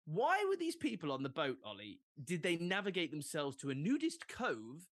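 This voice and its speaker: A man's voice: fairly high pitch, normal speed, no echo. A young English man co-hosting a sports podcast, chatting casually with jokey asides. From England. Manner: animated, jokey, fond of asides. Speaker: podcast co-host. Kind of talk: casual chat.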